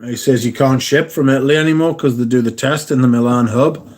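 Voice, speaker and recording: A man's voice: mid-range voice, steady tone, brisk, darkish tone, slight background noise. A man, hosting a casual livestream, chatting and swearing freely while answering viewers. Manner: sweary, chatty, reads viewer comments aloud. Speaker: livestream host.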